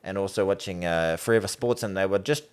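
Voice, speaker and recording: A man's voice: low-pitched, fast, clean tone. A man in his forties with a New Zealand accent, co-hosting a casual rugby podcast and telling stories with quoted voices. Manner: animated storyteller, acts out quotes in raised voices. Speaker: podcast co-host. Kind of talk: casual chat.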